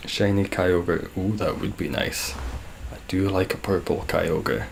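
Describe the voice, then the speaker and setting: A man's voice: low-pitched, steady tone, unhurried, vocal fry, a little hiss or hum. A young Scottish man chatting on a live game stream, reading viewer comments with dry, sarcastic humour. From Scotland.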